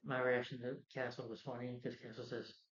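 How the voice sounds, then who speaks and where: A man's voice: mid-range voice, level tone, a little fast. A man reviewing a movie, retelling the plot in a loose, rambling way full of "you know" and "like". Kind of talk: casual plot recap. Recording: roomy, dull lo-fi sound.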